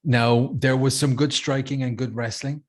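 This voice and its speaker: A man's voice: medium pitch, steady tone, moderate pace. A man hosting a casual podcast chat, enthusiastic, swearing freely as he leads the rundown. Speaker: podcast host.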